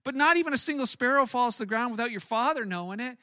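A pastor gives a sermon in an earnest, conversational way, often stumbling and restarting mid-thought. His voice sits high for a man and sounds bright. The recording is dry, with little room sound. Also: lively intonation, quick pace, dry recording.

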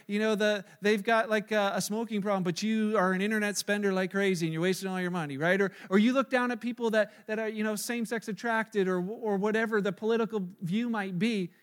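A male pastor preaching a sermon in a casual, storytelling way with frequent fillers. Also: high-pitched.

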